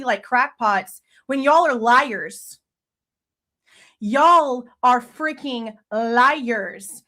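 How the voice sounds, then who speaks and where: Furious, high-voiced woman ranting. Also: a bit bright. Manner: heated, profane, cursing. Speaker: true crime commentator. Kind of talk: angry ranting commentary. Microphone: desk mic, faceless channel.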